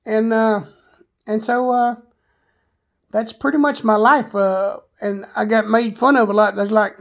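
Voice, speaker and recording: A man's voice: high voice, fairly even intonation, unhurried, fairly bright tone. A man with a Southern US accent candidly telling rambling, self-deprecating stories about his past, full of filler words. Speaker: vlogger. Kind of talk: personal storytelling monologue.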